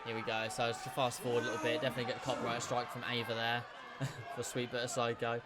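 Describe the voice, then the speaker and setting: A young man reacting to footage of his own boxing match, giving animated, self-critical play-by-play. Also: medium pitch, fast, a loud crowd. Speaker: boxing video creator. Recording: noticeable background noise.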